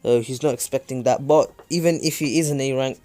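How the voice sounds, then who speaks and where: A man's voice: mid-range voice, fairly even intonation, a little fast, darkish tone. A man casually telling a fan-fiction story, rambling with lots of fillers. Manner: rambling, many fillers and restarts.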